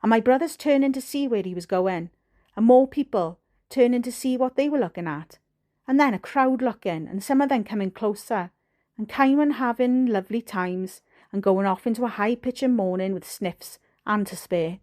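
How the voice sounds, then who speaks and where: A woman with a Welsh accent narrating an audiobook in a steady, measured way. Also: on the high side. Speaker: audiobook reader.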